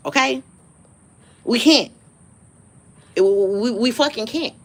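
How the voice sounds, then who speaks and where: A woman's voice: on the high side, slow pace, pauses often. A woman hosting a live stream, ranting in a blunt, profane, dismissive way and telling stories with animation. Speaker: livestream host. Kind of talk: casual live-stream rant.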